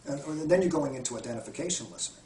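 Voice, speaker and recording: Talking very fast with lively intonation, a man with a fairly high but darkish-toned voice tells earnest, heartfelt stories in an interview, often restarting sentences. He is a spiritual healer and retreat guide, and the echoey recording places him far from the mic.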